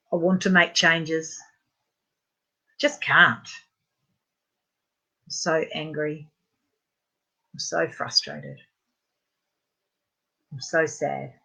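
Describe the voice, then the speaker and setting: A woman leading a guided tapping session, chatting informally and then saying gentle, repetitive statements for listeners to echo. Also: sits low, vocal fry, breathy edge. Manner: chatty and informal, with frequent fillers. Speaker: EFT tapping practitioner.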